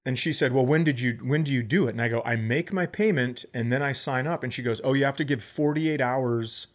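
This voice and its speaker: A comedian in his forties, co-hosting a podcast, tells a comic story in casual storytelling chat, acting out both sides of each conversation. His mid-range voice moves a little fast.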